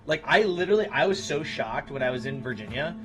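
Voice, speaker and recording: A man's voice: fairly high pitch, lively intonation, fast. A man in his thirties chatting casually with his stream viewers in a blunt, profane way. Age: 30s. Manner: blunt, profane, talks to chat. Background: music.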